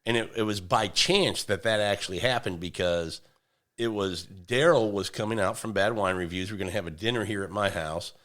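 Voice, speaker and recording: A man's voice: fairly low pitch, a little fast, a bit bright. A man hosting a casual chat, teasing his guest and filling in parts of the story. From Texas. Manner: teasing, jumps in to finish the other's story. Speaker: podcast host.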